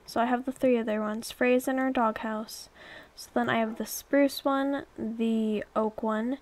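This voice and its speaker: A woman's voice: fairly high pitch, steady tone, a little slow. A young woman chatting and rambling through her gameplay commentary, exclaiming and coaxing her pets along. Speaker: let's play YouTuber.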